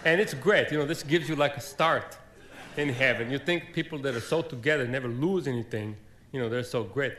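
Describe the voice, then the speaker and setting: A man's voice: mid-range voice, brisk, a bit bright, slight background noise. A man doing a stand-up comedy set, telling a rambling, folksy story full of fillers and plain grammar.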